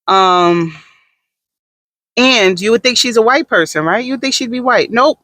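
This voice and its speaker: A man doing sassy, animated gossip commentary in a casual vlog, with dramatic asides. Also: high-pitched, unhurried, pauses often, no echo. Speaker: vlogger.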